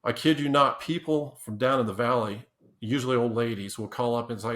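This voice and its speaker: A man's voice: mid-range voice, steady tone, a little fast, fairly bright tone. Rambling man telling stories with restarts. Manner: rambling with restarts and laughs, acts out quotes. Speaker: podcast guest. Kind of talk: casual storytelling.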